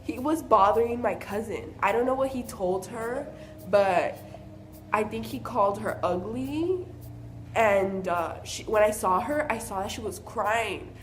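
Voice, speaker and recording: A young woman vlogger telling childhood stories in a casual, animated way, often acting out what people said. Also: medium pitch, unhurried, a little hiss or hum. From Southern California. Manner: chatty, animated, acts out quoted voices. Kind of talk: casual storytelling.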